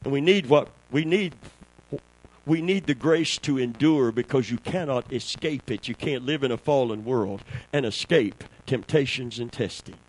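A man's voice: mid-range voice, normal speed, poor audio. A man with a Southern American accent preaching a sermon to a small congregation, calling for responses and telling folksy stories that build to fervent peaks. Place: church before a small congregation.

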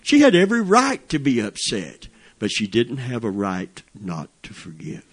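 Older man, preacher, sermon, fervent, folksy, mid-pitched voice. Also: wildly swooping pitch, normal speed, slightly rough.

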